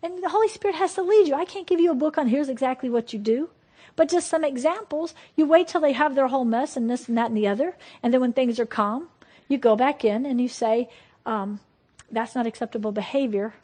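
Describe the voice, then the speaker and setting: A woman giving a sermon-style Christian teaching. She is emphatic and lively, swinging between loud bursts and quiet asides. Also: high voice, a little fast.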